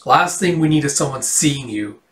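A man doing a grumpy old farmer, gruff and curt. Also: a little high, lively intonation, moderate pace, a bit bright. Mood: grumbling. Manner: curt, grumbling. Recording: roomy, distant mic.

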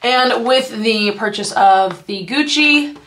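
A woman's voice: fairly high pitch, slow pace, a bit bright, slight background noise. A woman beauty vlogger chatting casually at home, gushing over products and filling her talk with "like" and "you guys". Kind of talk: casual haul vlog chat. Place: her apartment.

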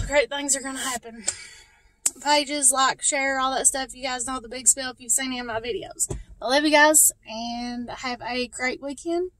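A woman's voice: sits high, fairly even intonation, moderate pace, fairly bright tone, rough recording. A woman giving an earnest, fervent spoken testimony about faith, with lots of fillers. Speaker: vlogger sharing faith. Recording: clear traffic and vehicle noise outside.

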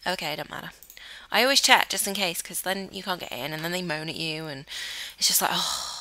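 A woman's voice: on the low side, fairly quick, few pauses, pushed and bright, no echo. A young woman with a Cornish accent chatting casually over her gameplay, coaxing her character along, sometimes dropping to a whisper. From Cornwall, England. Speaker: gameplay YouTuber. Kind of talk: casual let's-play commentary.

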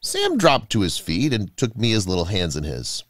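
A male narrator telling a scripted story, his pitch rising and falling widely. His delivery is dramatic and expressive. The sound is dry and close, without room echo. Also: normal speed.

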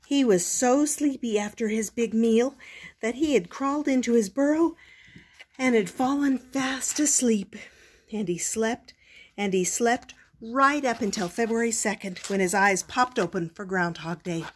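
An older woman reading a picture book aloud as a storytelling grandmother, gentle and expressive. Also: a little high, unhurried, breathy edge.

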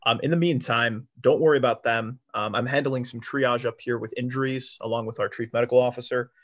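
A man playing a ship captain in a tabletop game, calm and commanding with some fillers. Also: mid-range voice, a little fast. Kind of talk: tabletop role-play.

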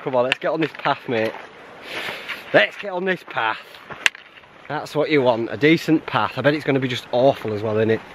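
A man's voice: mid-range voice, quick pace, hardly any pauses, background noise. A man narrating his hike to a handheld camera outdoors on a mountain trail, chatty and self-mocking, laughing often. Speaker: hiking vlogger. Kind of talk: casual vlog narration while hiking.

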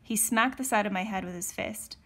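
A woman teacher reading a novel aloud, steady with occasional slips and self-corrections. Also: medium pitch, a little fast.

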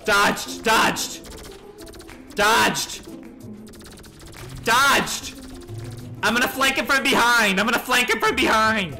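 A man's voice: extremely high pitch, slow pace, gravelly, long pauses, pushed and bright, soft background music. A man streaming a role-play game in a flamboyant, campy manner, swearing freely and calling people darling.

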